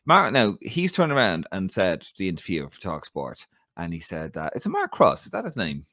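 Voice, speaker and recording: An Irish man co-hosting a podcast, chatting casually about football, animated and swearing freely as he rants. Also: sits low, a little fast, no room sound, studio quality. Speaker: podcast co-host.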